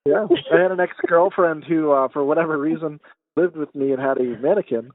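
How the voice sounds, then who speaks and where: A man's voice: on the high side, brisk, big-room sound. A man co-hosting a podcast, telling a story in casual chat and hesitating with fillers, recorded over a phone. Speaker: podcast co-host. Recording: muffled phone call, dry.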